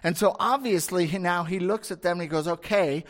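A man's voice: high-pitched, a little fast, fairly bright tone. A male preacher giving a conversational sermon, often asking rhetorical questions. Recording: long hall reverb.

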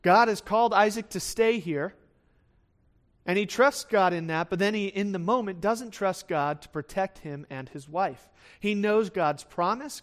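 A man with a high voice gives an expository sermon, reading a scripture passage aloud and then unpacking it. He talks in a relaxed, conversational way, with fillers and quick acted asides for the people in the story. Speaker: pastor.

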